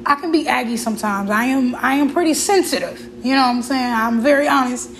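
A woman's voice: high voice, fairly quick, low-quality recording. A woman hosts her own show in a loose, personal way. She talks with open feeling and often restarts her sentences. A faint hiss sits under her voice. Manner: candid and emotional, with fillers and restarts. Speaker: podcast host. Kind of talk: casual personal talk.

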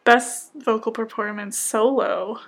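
A woman's voice: fairly high pitch, fairly even intonation, slow pace, fairly bright tone. A woman co-hosting a casual chat, reading nominees and joking at her own stumbles over names. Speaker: co-host. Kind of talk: casual chat about music awards.

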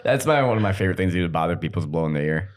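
A man's voice: sits low, racing. A young man in casual chat, telling stories between bursts of laughter. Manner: storytelling, animated with laughter.

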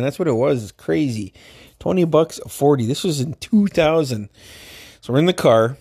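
This Alaskan storyteller has a mid-range, darkish voice and tells funny stories casually, laughing a lot and swearing constantly.

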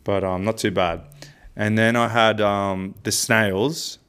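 A young Australian man with a lowish voice, spinning a loose anecdote on a casual podcast. He rambles along easily and pads his sentences with fillers. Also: fairly even intonation, slow pace, fairly bright tone, clean tone. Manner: rambling storyteller, lots of fillers and restarts, laughs easily. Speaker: podcast co-host. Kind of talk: casual chat.

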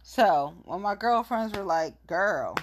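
A woman's voice: a little high, big pitch swings, moderate pace, noisy background. A woman in a casual monologue rant, blunt, profane and gossipy, telling her side of a story.

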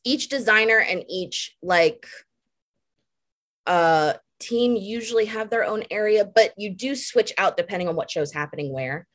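A young woman, a makeup artist guest, chatting casually and telling lively stories on a podcast. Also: mid-range voice, a little slow. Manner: animated storyteller, laughs while telling.

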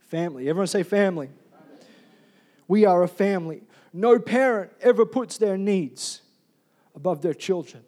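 A male pastor preaching a sermon, swinging from loud emphatic calls to soft, quiet storytelling. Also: high voice.

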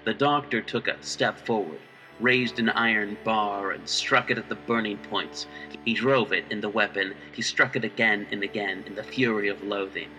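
A man narrates a horror story with dramatic delivery. His voice is very bright and sharp. He sits back from the microphone, and faint music plays underneath. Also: on the low side, steady tone, normal speed, far from the mic, highs cut off. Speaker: reader.

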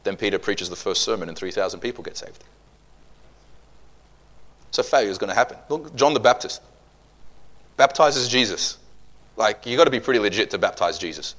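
A man preaching a sermon, telling stories with humor and swinging from loud outbursts to hushed asides. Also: fairly low pitch, lively intonation, moderate pace, long pauses.

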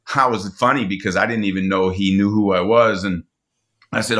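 A man's voice: lowish voice, steady tone, a little fast, fairly bright tone. A middle-aged man telling a personal story as a podcast guest, earnest, often repeating words and restarting his sentences.

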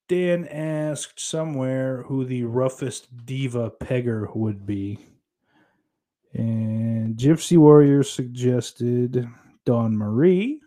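A man's voice: medium pitch, very slow, pauses often, warm tone. A male livestream host reading chat aloud in a put-on Irish accent, swearing often and breaking into giggles. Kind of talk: casual stream chat.

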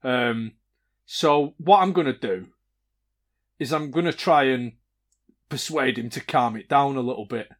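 A man's voice: mid-range voice, unhurried, pauses often. Hesitant man playing a tabletop game. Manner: hesitant, filler-heavy. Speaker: player. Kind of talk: casual tabletop game chat.

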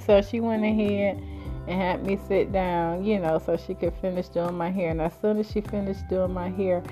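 A woman casually telling a personal story in her own series, chatty and colloquial, breaking into high giggles. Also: steady tone, normal speed, warm tone, faint music behind. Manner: laughs often, with high giggles while telling stories; chatty and colloquial, with many fillers.

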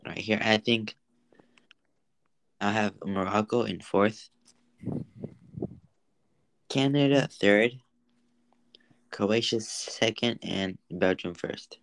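Brief: young male co-host, low gravelly voice, matter-of-fact sports talk, dry close mic. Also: slow, pauses often, fairly bright tone, no echo, poor audio. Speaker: podcast co-host. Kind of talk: casual sports chat.

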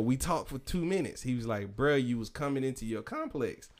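Male podcast co-host, casual storyteller, animated and profane, quotes friends, laughs a lot. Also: medium pitch, brisk.

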